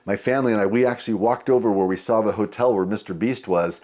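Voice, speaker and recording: A man's voice: lowish voice, fast talker, darkish tone. A man in his sixties, a guest on a podcast, telling rambling anecdotes full of fillers. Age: 60s. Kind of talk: casual storytelling.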